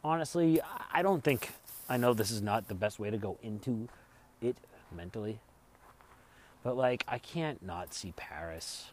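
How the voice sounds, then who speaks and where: A man's voice: lowish voice, lively intonation, normal speed, slight background noise. A man vlogging as he travels, telling a rambling, profane story in casual chat. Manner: rambling, profane, laughs while retelling.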